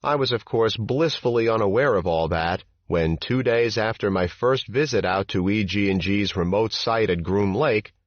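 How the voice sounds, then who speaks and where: A low-voiced man reads a first-person memoir as an audiobook in a measured, steady way. The recording is dry, with no room sound, and slightly dull and muffled. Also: no echo. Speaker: audiobook narrator. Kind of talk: scripted first-person narration.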